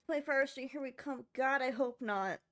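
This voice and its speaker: A woman's voice: sits high, brisk, a bit bright, soft background music. Sleepy chatty woman streaming a game. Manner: chatty, rambling, talks to her chat. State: sleepy, just woke up. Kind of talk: casual game-stream chat.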